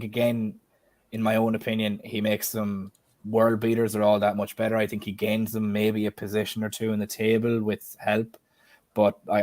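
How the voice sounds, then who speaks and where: A man's voice: lowish voice, darkish tone, no echo. Irish man hosting a chatty stream. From Ireland. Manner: chatty, often turns questions to the panel and chat. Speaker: host. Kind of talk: casual chat on a live stream.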